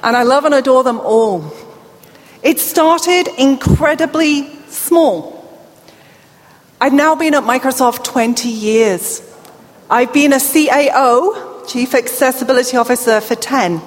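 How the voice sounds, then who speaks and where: British woman, deaf accent, high voice, playful keynote, echoey hall. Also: a little slow. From England. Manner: chatty and playful, engaging the crowd. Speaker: keynote speaker. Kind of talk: conference keynote speech. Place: large conference hall. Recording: echoey hall, amplified speech.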